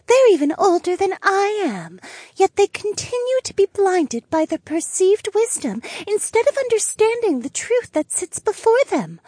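A man doing a high, lilting golden spirit woman. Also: big pitch swings, normal speed, a little mellow, no echo, clean studio sound. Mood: scornful. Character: gentle golden female spirit, worried and loyal. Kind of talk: audiobook character voice.

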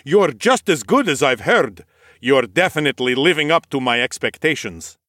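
A man's voice: medium pitch, sing-song, moderate pace, sharp tone, no room sound, clean studio sound. A man voicing a cheerful male noble warrior who loves battle, speaking in a formal, eager, courtly way in an audiobook. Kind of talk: audiobook character voice.

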